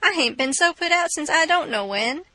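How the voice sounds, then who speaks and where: A woman reading an audiobook, voicing a flustered, sharp-tongued older Southern aunt who scolds indignantly. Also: sits high, lively intonation, normal speed, no echo, pitched above the performer's own voice.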